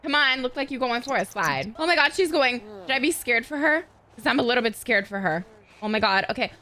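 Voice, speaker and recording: A woman hosting casual gameplay commentary, loud, excitable and crude. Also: fairly high pitch, brisk. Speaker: gaming host.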